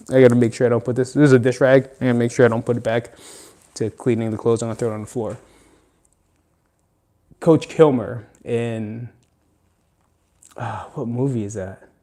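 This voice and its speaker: A man's voice: medium pitch, dark tone. A man hosting a casual motivational monologue, rambling and candid, swearing freely and drifting into side remarks. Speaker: host.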